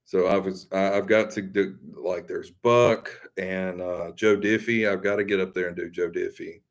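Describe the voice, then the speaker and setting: A man's voice: low-pitched, fairly even intonation, moderate pace. A man with a Southern accent, hosting a live stream and chatting casually with viewers in a rambling, folksy, self-deprecating way. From Mississippi.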